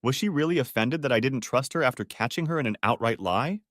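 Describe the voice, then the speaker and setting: Expressive male audiobook narrator. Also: mid-range voice, fast, no room sound, clean studio sound. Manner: dramatic, expressive storytelling. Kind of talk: scripted first-person story narration.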